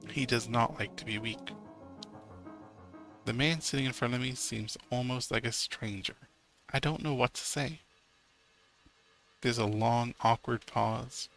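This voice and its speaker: A male streamer reading a story game's narration aloud, adding wry little asides. His voice is bright and forward with a gravelly texture. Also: medium pitch, fairly even intonation, measured pace, long pauses, faint music behind.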